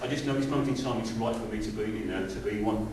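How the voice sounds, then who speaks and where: A man's voice: lowish voice, fast talker, darkish tone. A middle-aged man preaching a sermon as pastor, conversational, throwing rhetorical questions at the congregation. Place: church hall with congregation. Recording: very echoey hall, distant mic, faint hiss.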